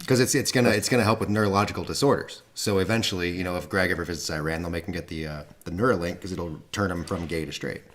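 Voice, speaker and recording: A man's voice: sits low, fast, hardly any pauses, fairly bright tone. A man co-hosting a podcast, joking playfully in casual banter. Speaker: podcast co-host.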